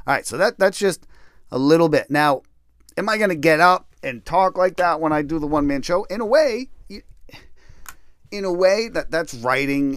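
A man's voice: dry recording, clean studio sound. A middle-aged man hosting a podcast, rambling and self-deprecating as he tells stories from his life, sometimes reading a draft aloud. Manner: rambling, self-deprecating, reads a memoir draft in a lower, slower voice. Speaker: podcast host. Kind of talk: casual storytelling podcast.

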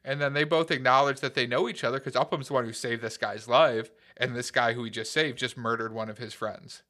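A man with a bright, forceful voice talks through a war film on a podcast. He recaps scenes with lively energy and drops the odd curse. His tone stays loose and conversational. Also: mid-range voice, fairly quick. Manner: animated scene retelling, swears casually. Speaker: podcast co-host. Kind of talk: casual movie discussion.

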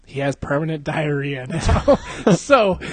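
A young man with a slightly higher voice rambles through crude, profanity-heavy anecdotes in casual chat. He breaks into laughter often. His voice sounds close and dry, with no room sound. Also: expressive, slow, darkish tone, dry recording.

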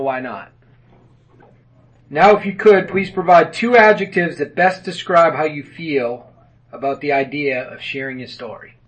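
A man's voice: on the high side, fairly bright tone, poor audio. A man leading a men's group meeting in a room with tables, talking in a folksy, joking way with many fillers. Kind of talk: casual meeting address.

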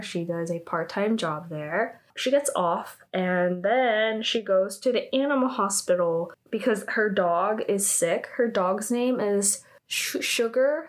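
A young woman chattily retelling a drama episode, using "like" constantly and breaking into animated reactions. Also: mid-range voice, slow, few pauses. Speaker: drama recap vlogger.

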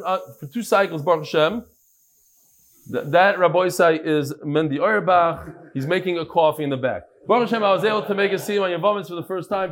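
Animated rabbi with a high-ish voice. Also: male voice. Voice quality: animated, jokey, quick shifts in pitch. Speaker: rabbi leading a daily Talmud class. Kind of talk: lively class talk, reading out messages. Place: room with a live audience.

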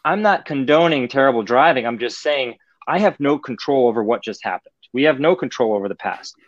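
A podcast guest speaks in a medium-pitched male voice at a brisk clip, chatting casually and animatedly as he explains his ideas and acts out other people's voices. The recording is dry and lo-fi.

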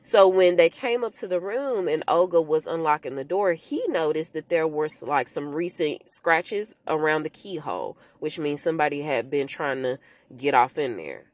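A woman casually recapping a movie for her podcast listeners, telling it in an animated way and acting out the characters' lines. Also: low voice, moderate pace, no room sound. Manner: animated storytelling, talks to listeners as "y'all", acts out quotes in character voices. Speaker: podcast host recapping a film.

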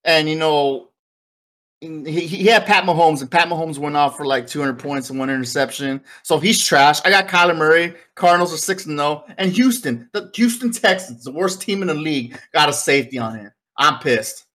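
A man co-hosting a podcast, chatting casually and rambling excitedly, with the odd curse. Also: on the high side, normal speed. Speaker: podcast co-host. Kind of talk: casual wrestling podcast chat.

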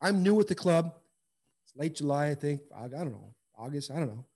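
A man's voice: on the high side, expressive, fairly quick, mellow. A man telling a story in a casual chat, blunt and emphatic, with slang and repeated words. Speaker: former baseball player as guest.

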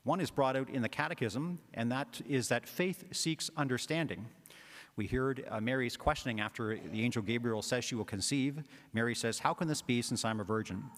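A man's voice: medium pitch, moderate pace. A man, a parish priest, giving a conversational homily with frequent filler words. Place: church. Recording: long church reverb.

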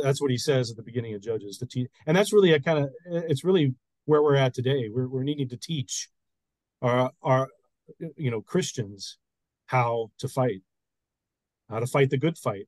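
A man's voice: mid-range voice, darkish tone, dry recording, rough recording. A man, a pastor and podcast co-host, explaining Bible stories in casual chat with frequent restarts.

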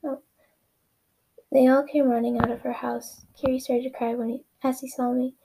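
A woman's voice: high-pitched, level tone, brisk, vocal fry, noisy background. A young woman casually reading her own story aloud, often correcting herself and dropping into whispered asides. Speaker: reader of her own fan fiction.

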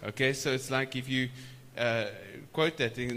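A man preaching a sermon at a church conference, stretching key words slowly for emphasis and prompting the audience to answer back. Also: mid-range voice, a bit bright, a little hiss or hum.

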